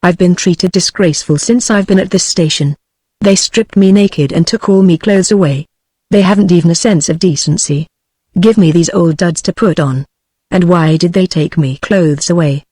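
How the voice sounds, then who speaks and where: A woman's voice: fairly low pitch, moderate pace, no room sound, clean studio sound, close to an everyday voice. A British English female synthetic voice reading the lines of a truculent, voluble male petty thief in an audiobook. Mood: indignant. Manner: even synthetic speech reading all parts.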